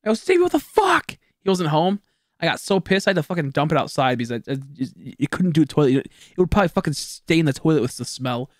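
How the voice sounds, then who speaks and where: A man's voice: a little high, fast talker, no echo, studio quality. A young man streaming a video game, chatting casually with viewers in a rambling, profane, joking way. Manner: jokey, goofing with chat.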